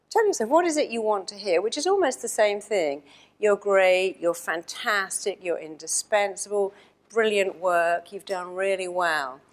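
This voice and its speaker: A woman giving a motivational talk, telling stories and acting out the people in them. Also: mid-range voice. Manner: storytelling, acts out quoted voices. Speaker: speaker.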